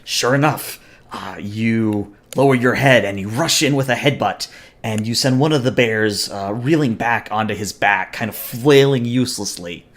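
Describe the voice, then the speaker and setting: A man narrating a tabletop game as game master, relaxed, with frequent fillers. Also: fairly low pitch, normal speed.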